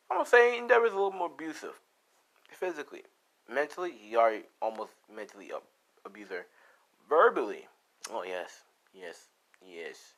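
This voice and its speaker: A man's voice: medium pitch, sing-song, moderate pace, fairly bright tone. Rambling casual male fan storyteller. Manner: rambling, profane, lots of "you know" and restarts.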